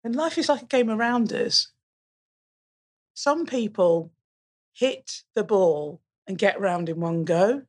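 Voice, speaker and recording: A middle-aged woman talks as a podcast guest, with a slightly husky, breathy voice. She tells classroom stories in a lively way and acts out both sides of the back-and-forth with her students. Her pitch sits in the middle of the usual range for a woman. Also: slow pace, long pauses. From England. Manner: animated storytelling, acting out pupils' replies. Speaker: guest, college curriculum manager and teacher. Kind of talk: casual podcast conversation.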